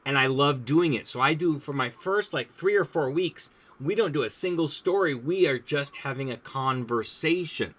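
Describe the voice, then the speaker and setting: Chatty man, animated storyteller. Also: fairly high pitch, normal speed, hardly any pauses. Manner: lively storyteller, acts out classroom voices. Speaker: language teacher. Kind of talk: casual conversation about teaching.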